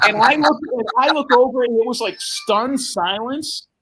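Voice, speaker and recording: A man's voice: extremely high pitch, noisy background. A middle-aged man telling a long, profane story in casual chat and acting out the other people's lines. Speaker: podcast host telling a story.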